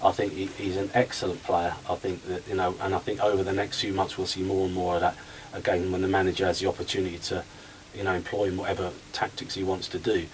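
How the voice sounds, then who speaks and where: A former footballer talks as a radio guest, his low voice set a little back from the mic. He tells lively stories and acts out both sides of old conversations. Faint hiss runs under the recording. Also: fast talker, few pauses, distant mic, rough recording. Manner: animated storyteller, acts out conversations. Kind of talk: radio interview chat.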